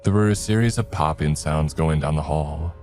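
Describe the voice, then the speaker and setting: A man narrating a first-person horror story in a measured, low-key way. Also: a little mellow, soft background music.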